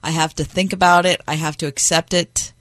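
A woman co-hosting a radio show, chatting casually with animated, teasing banter. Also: low voice, a little fast, no room sound. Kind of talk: casual chat.

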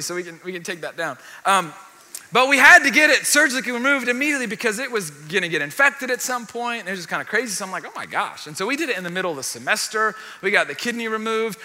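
A young man preaching a sermon, telling a personal story in an animated, self-deprecating way with asides to the congregation. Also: high-pitched. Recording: long hall reverb.

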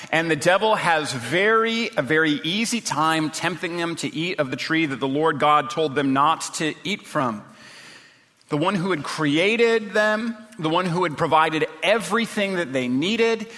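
A man's voice: fairly high pitch, bright, forceful tone, big-room sound. A man preaching a sermon as pastor, earnest and full of rhetorical questions.

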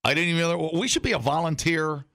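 A man's voice: a little high, fast, dry recording. A man co-hosting a morning radio show in casual, joking chat. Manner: joking, animated, breaks into silly voices. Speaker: co-host. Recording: dry studio.

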